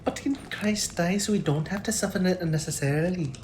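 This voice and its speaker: A curious, polite young woman, as a woman reads her, in a slightly low, plain voice. She asks questions gently. A faint hiss sits behind the voice. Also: a little fast, natural voice. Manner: polite, inquisitive.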